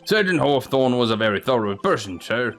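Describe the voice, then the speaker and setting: A man's voice: mid-range voice, big pitch swings, brisk, fairly bright tone, soft background music. A man voicing an eager young male police detective who reports dutifully and keeps saying sir. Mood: earnest. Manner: earnest, dutiful, says "sir" often.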